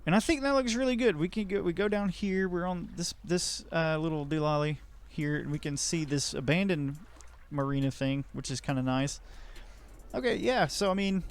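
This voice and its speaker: A man's voice: fairly high pitch, moderate pace, clear, resonant tone. A man giving rambling, jokey, self-deprecating commentary while playing a city-building game. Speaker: let's play host. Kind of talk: casual gameplay commentary.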